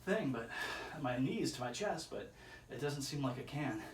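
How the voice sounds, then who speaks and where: A man's voice: mid-range voice, expressive, normal speed, recorded from a distance. Rambling man counting reps in echoey room. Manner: rambling, chuckling, counting reps under his breath. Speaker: vlogger doing a workout. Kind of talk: casual self-filmed workout commentary. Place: indoor room with chairs. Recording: echoey room, voice from off-mic, faint ambient noise.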